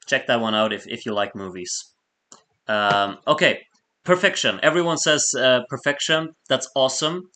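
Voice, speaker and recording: A man's voice: medium pitch, animated, moderate pace, sharp tone. Chatty man rambling on a late stream. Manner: rambling, laughs often, reads chat aloud. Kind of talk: casual live-stream chat.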